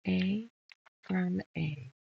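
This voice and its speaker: A woman's voice: lowish voice, very slow, creaky, breathy edge, muffled recording. A woman hosting a casual sew-along, muttering measurements and chatting while she sorts fabric pieces. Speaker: quilting channel host.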